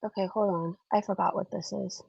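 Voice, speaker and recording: A woman's voice: mid-range voice, fairly even intonation, brisk, creaky, muffled recording, over loud music. A woman hosting a casual commentary vlog, chatty and sarcastic, sounding stuffed up as she reads viewer comments. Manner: chatty, sarcastic, laughs often. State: stuffed up, congested. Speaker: commentary channel host.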